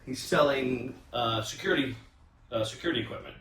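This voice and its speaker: A man tells stories in a loose, animated way, stopping to restart and filling gaps with ums. He sits some distance from the mic in a room that echoes. He hosts a casual round-table chat. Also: mid-range voice, fairly quick, gravelly, slight background noise. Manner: animated storyteller with many restarts and fillers. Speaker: podcast host.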